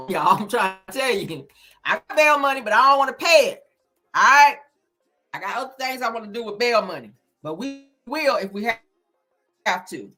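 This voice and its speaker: A woman in her thirties with a medium-pitched voice talks directly to her viewers about celebrity news. Her commentary is blunt and animated, and she swears freely.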